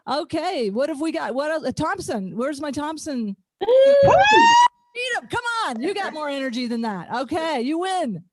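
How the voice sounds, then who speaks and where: A woman's voice: fairly high pitch, background noise. A middle-aged woman with an Ozark twang doing self-mocking stand-up comedy over a video call from her garage studio, laughing often. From Ozarks, USA. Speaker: comedian and former nurse.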